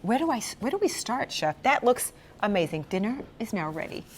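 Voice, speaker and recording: A woman's voice: a little high, sing-song, fairly quick, breathy edge. A woman hosting a cooking show, tasting the food and reacting with gushing exclamations as she chats with a chef. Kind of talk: enthusiastic cooking show chat.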